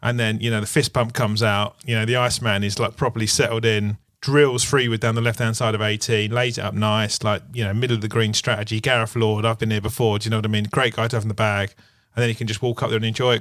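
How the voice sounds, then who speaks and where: A man telling golf stories in casual chat, rambling and animated with lots of fillers. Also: medium pitch, no room sound, clean studio sound. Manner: rambling, animated storytelling full of "like" and "you know". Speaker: podcast co-host.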